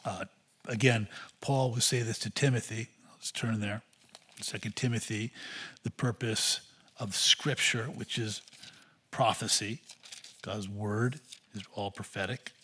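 A man's voice: fairly low pitch, fairly even intonation, measured pace, pauses often, a bit bright, breathy edge. A man preaching an expository sermon, teaching steadily through Scripture and rising into emphatic bursts.

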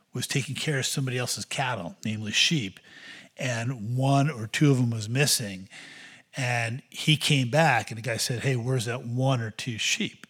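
A man's voice: mid-range voice, fairly bright tone, husky. A man preaching an expository sermon, teaching steadily through Scripture and rising into emphatic bursts.

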